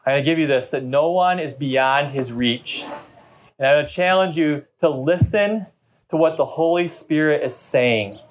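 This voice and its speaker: A man's voice: a little high, moderate pace. Talkative preacher man, storytelling sermon. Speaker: pastor. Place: church service.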